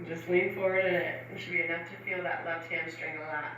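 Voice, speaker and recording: A woman's voice: fairly low pitch, fairly even intonation, fast talker, noisy background. A woman instructor guiding stretches in a casual, chatty way, often adding fillers and laughing. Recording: roomy echo from far off.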